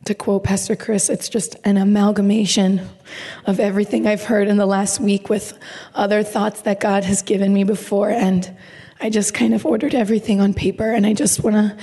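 A woman in her twenties from Baltimore, a missionary speaking at a women's church seminar, her voice hoarse and her manner nervous and emotional, near tears and laughing. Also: mid-range voice, little pitch movement, moderate pace, warm tone.

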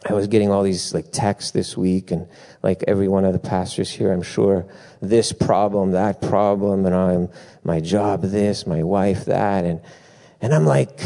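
A middle-aged man preaching a sermon, telling lively stories with asides and bursts of laughter. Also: on the low side, moderate pace. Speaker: pastor.

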